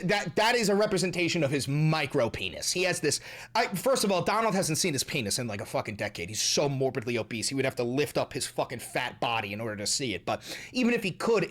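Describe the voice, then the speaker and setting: A young man hosting a commentary vlog, swearing freely and mocking his subjects. His voice sits a little high and swings widely up and down as he rants. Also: big pitch swings, fairly quick, fairly bright tone. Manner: profane, heated and mocking. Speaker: host.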